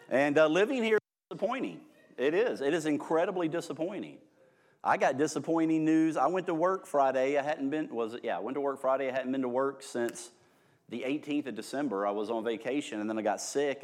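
A man preaching an informal, humorous sermon, joking at his own expense and swinging between hushed and loud delivery. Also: mid-range voice. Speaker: pastor.

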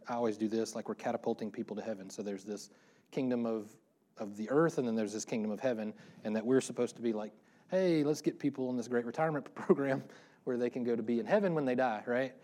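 A middle-aged man preaches a relaxed, conversational sermon. He talks fast and breaks off into self-deprecating jokes before getting back on track. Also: mid-range voice. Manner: fast-talking, self-deprecating, joking asides. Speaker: pastor.

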